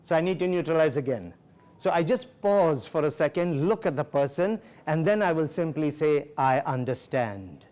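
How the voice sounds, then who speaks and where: Leading a sales workshop, a male trainer with a fairly high, somewhat dark voice speaks at a normal pace. He gives firm instructions, repeats key phrases, and acts out sample dialogue with a client.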